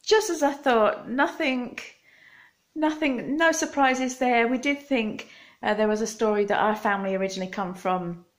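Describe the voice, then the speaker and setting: A woman's voice: fairly high pitch, normal speed. A middle-aged woman with a Scottish accent, chatting casually and rambling to camera, laughing often. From Scotland. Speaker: vlogger.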